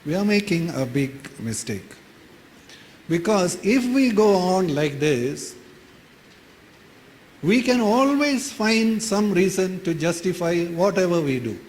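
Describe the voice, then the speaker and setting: A man's voice: high-pitched, very animated, slow pace, darkish tone. A man with an Indian English accent, giving a sermon in a church hall in a plain, conversational way and repeating key phrases. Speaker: preacher. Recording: reverberant hall with faint noise.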